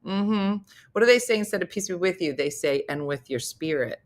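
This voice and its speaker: A middle-aged woman hosts a casual comedy chat, spinning stories and slipping into sing-song voices for the quotes. Her voice sits a little low but swoops widely up and down. She keeps an easygoing, chatty flow. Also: lively intonation, normal speed. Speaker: comedian and morning show host.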